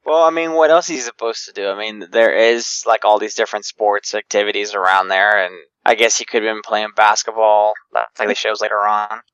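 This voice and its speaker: A man's voice: fairly low pitch, fairly even intonation, brisk, hardly any pauses, a bit bright, smooth, dry recording. A man co-hosting a podcast, chatting easily and laughing often as he recaps. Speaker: podcast co-host. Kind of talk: casual recap chat. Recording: dull lo-fi mic.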